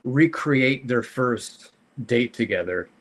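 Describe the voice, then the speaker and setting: A man discussing a comic book on a casual podcast. He speaks in a measured, reflective way, pausing now and then with small hesitations as he lays out his points. His voice has an average pitch. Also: lively intonation. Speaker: podcast co-host.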